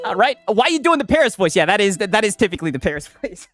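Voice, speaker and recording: Excitable, lively-voiced male streamer. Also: high-pitched, quick pace, hardly any pauses, faint music behind. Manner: loud, excitable, swearing, teasing. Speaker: streamer reacting to videos. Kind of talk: casual reaction stream chat.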